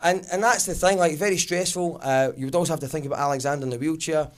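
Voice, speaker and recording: A Glaswegian man doing stand-up comedy, his voice sitting a touch on the high side. He tells the story in an animated rush. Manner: animated, fast-paced storytelling.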